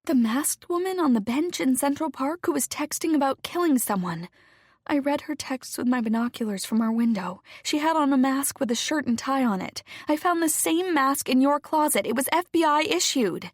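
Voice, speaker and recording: A woman's voice: sits high, expressive, normal speed, no room sound, clean studio sound, voice pushed up. A woman voicing an agitated, accusing young wife who talks in an emphatic, hissing way.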